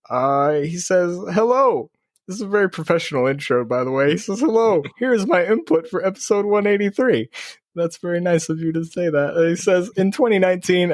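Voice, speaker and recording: A man co-hosting a casual podcast, his pitch rising and falling freely as he chats and reads listener messages aloud. He sounds laid-back and laughs easily. The sound is dry and close, with no room around it. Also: no room sound. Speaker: podcast co-host. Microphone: video call.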